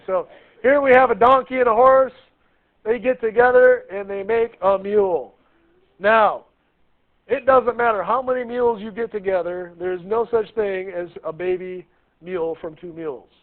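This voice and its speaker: A man lecturing a classroom, his voice a bit higher than most, chatty and fond of little jokes and questions to the students. The recording is thin and tinny, like a phone line. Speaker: high school biology teacher.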